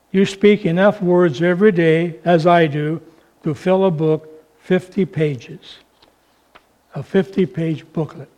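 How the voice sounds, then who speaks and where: A man preaching a sermon, with slow, emphatic, drawn-out phrasing. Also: sits high, darkish tone.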